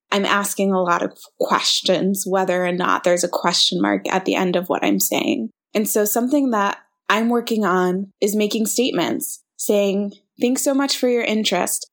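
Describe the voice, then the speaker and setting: Reflective woman hosting a podcast. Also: medium pitch. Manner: reflective, encouraging, conversational. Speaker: podcast host. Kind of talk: solo podcast talk.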